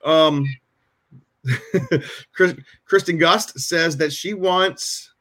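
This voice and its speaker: In a shelved room at home, a podcast host talks over a video call in a casual chat. His voice is fairly high and a bit bright, and he speaks extremely slowly. He rambles through his stories, restarting often and interrupting himself.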